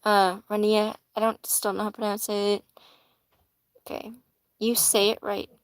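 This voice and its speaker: A woman's voice: mid-range voice, level tone, normal speed, no room sound, rough recording. A woman giving casual live-stream tarot readings in a chatty manner, swearing casually and laughing easily. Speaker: tarot reader.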